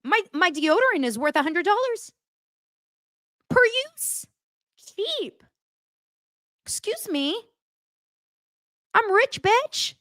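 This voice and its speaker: A woman voicing a snobby rich woman who brags about her wealth in a shrill, haughty tone. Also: big pitch swings, takes it slowly, pauses often, fairly bright tone, no echo, clean studio sound, full character voice. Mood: bragging.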